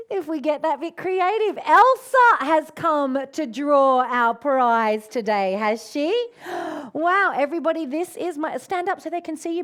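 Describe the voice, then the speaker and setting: A woman hosting a live online session, effusive and encouraging, who calls her viewers darling and often gasps and cheers. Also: high-pitched. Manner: affectionate, calls people darling. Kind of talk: live-streamed casual talk to viewers.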